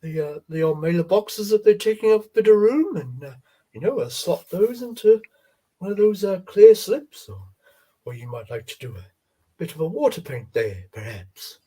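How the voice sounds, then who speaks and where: A man hosting a live stream, chatting gently and haltingly about toy card art, with many fillers and repeated words. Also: high voice, sing-song, slightly rough.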